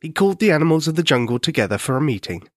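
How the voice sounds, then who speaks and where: A man narrating a children's story in a gentle, expressive way. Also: fairly high pitch, very fast, no room sound, studio quality, soft background music.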